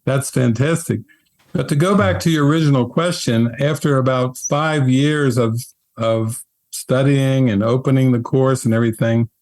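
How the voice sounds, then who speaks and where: In an interview, a man who is a spiritual teacher tells his story in a mid-range voice. He comes across as earnest and animated, and he laughs often.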